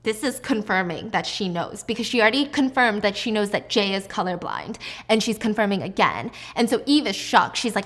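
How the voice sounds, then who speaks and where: A woman recaps a drama story to camera in a casual, chatty voice of medium pitch. She reacts expressively to the plot as she goes. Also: animated, a little fast, hardly any pauses, fairly bright tone.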